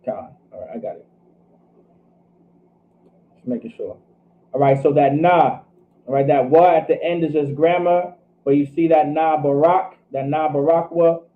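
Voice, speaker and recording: A man's voice: a little high, normal speed, pauses often, slight background noise. Male teacher, scripture class, thinks aloud, checks himself, tinny phone-like sound. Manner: thinks aloud, checks himself, repeats "all right" often.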